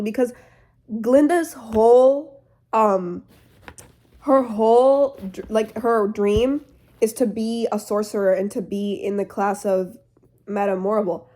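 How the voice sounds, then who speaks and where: A woman's voice: on the high side, takes it slowly, dark tone. A teenage girl retelling a story in a rambling, chatty way full of fillers. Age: teens. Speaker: vlogger.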